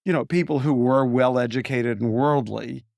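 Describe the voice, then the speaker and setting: A man's voice: medium pitch, normal speed, vocal fry, no room sound. Easygoing Southern man in his sixties. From Memphis, Tennessee. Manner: relaxed, reminiscing, easygoing. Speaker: winery owner, guest. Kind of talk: storytelling interview answers. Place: studio.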